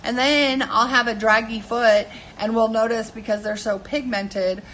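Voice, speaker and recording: A woman's voice: fairly high pitch, fairly even intonation, measured pace, fairly bright tone, slight background noise, poor audio. A woman in her fifties chatting casually on a live stream while she draws, chatty and self-mocking, laughing often. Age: 50s. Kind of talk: casual chat while drawing.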